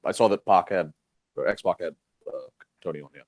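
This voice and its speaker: A young man co-hosting a wrestling podcast, talking casually and quickly with stammered restarts. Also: low voice, a little mellow, dry recording. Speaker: podcast co-host.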